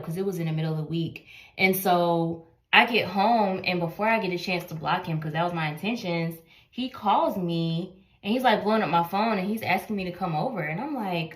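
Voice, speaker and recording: An animated woman recounts a story time in a casual tone, playing out each quoted line. Her voice sits a little low and bounces around an echoey room. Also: brisk. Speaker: storyteller in clip.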